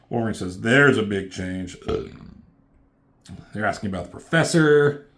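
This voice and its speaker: A man's voice: fairly low pitch, expressive, moderate pace, long pauses, a bit bright. Casual man recapping a comic. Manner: loose and profane, quotes characters in a slightly raised voice. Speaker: comic book reviewer.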